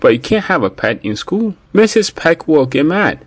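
A careful, rule-minded little schoolgirl, as a man puts her on for a storybook, high and warning. Her pitch rises and falls widely in a dry, close sound. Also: big pitch swings, moderate pace, breathy edge, dry recording. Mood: cautioning.

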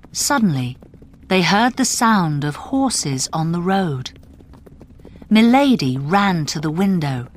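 A woman narrating a graded reader story in a clear, deliberate storytelling manner. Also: fairly low pitch, a little hiss or hum.

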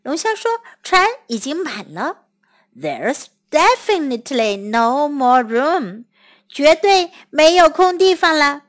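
Storybook lobster, fretful and fussy, read by a woman, high and lively, slow careful delivery. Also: heavily acted. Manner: worried, insistent warnings.

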